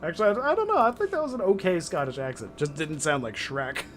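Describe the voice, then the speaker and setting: A man's voice: high voice, sing-song, moderate pace. A man streaming a video game, chatting and joking with viewers in a loose, laughing way. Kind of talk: casual live-stream commentary. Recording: game music under the voice.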